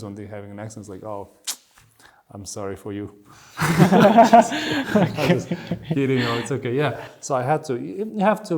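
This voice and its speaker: Man, Kazakh accent, podcast host, casual, lively storytelling. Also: mid-range voice. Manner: animated, laughs while telling stories. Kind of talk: casual chat.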